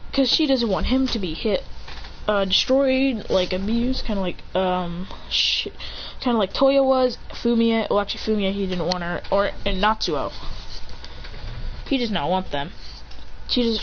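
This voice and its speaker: A woman's voice: medium pitch, moderate pace. A woman casually telling a made-up fan story, rambling and correcting herself as she goes. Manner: rambling, restarts and self-corrections. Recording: dull home recording with faint ambient noise.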